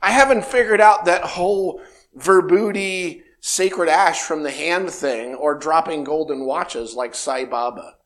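A man's voice: a little high, unhurried, fairly bright tone. Reflective man in his fifties. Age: 50s. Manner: meandering, reflective, acts out dialogue. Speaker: spiritual speaker. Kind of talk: reflective spiritual talk.

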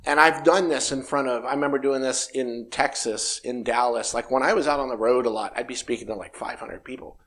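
A man's voice: medium pitch, brisk, hardly any pauses, fairly bright tone. Reflective man in his fifties. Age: 50s. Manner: meandering, reflective, acts out dialogue. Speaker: spiritual speaker. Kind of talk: reflective spiritual talk.

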